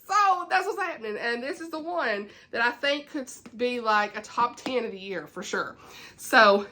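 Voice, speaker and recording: A woman's voice: high voice, normal speed, pushed and bright. A young woman, chatting casually to camera about books and giggling often. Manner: chatty and giggly, greets viewers by name. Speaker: book vlogger.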